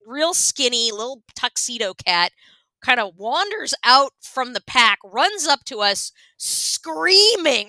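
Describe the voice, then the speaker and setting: A woman's voice: high-pitched, unhurried, no echo. A woman co-hosting a podcast, telling a story in casual chat and acting out the voices in it, with lots of fillers. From Washington state, US. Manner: animated, acts out voices in quotes, many fillers. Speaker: podcast co-host.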